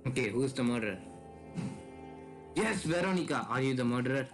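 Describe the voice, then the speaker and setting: A man giving excitable, casual commentary while playing a video game, often shouting and accusing other players. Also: mid-range voice, brisk, pauses often, soft background music, poor audio. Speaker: gaming video host.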